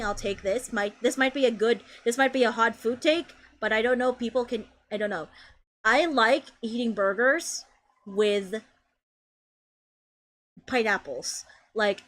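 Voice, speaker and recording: A young woman streaming a game, chatting in a bubbly, excitable, casual way. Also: on the high side. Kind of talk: casual gameplay stream chat.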